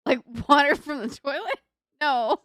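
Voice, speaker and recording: With a high, expressive, somewhat bright voice at a measured pace, a young streamer chats casually at her desk as she builds, laughing often and talking to herself in a rambling way. She has a northern US accent tinged with a Southern drawl, recorded in studio quality with no room sound.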